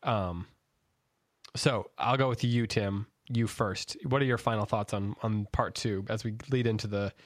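A man's voice: fairly low pitch, unhurried, no room sound. Guy hosting a book chat podcast, easygoing, dry close sound. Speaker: podcast host. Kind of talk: casual book club chat.

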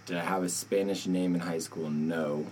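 A man co-hosting a casual podcast, cracking quick jokes. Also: deep voice, fairly even intonation, a little mellow, slight background noise. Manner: joking, quick one-liners. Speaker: podcast co-host. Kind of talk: casual chat.

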